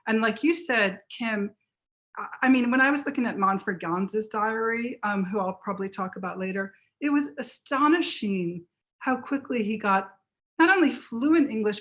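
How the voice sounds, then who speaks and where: Woman author, book talk guest, lively fast storytelling, mid-pitched. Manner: animated, fast storytelling with restarts.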